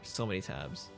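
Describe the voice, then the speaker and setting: A man narrating and running a tabletop game as game master, in a casual, laughing way.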